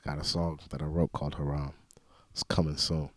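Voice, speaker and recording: A man's voice: a bass voice, flat delivery, a little fast. A man hosting a reaction video, chatting and commenting on a clip.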